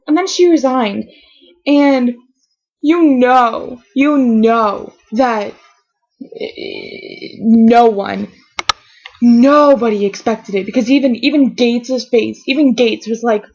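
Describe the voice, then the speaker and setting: A vlogger with a fairly high, slightly rough voice reacts to a TV episode at a slow pace, gushing with excitement and trailing off as she rambles. The emotional reaction was recorded at home, and the sound is dull and lo-fi, like a built-in webcam mic.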